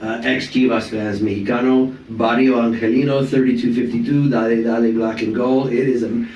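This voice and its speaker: A middle-aged man, a comedian and voice actor, telling stories in an animated, casual way and swearing freely. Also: mid-range voice, fairly quick, highs cut off. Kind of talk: casual storytelling chat. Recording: echoey room, distant mic.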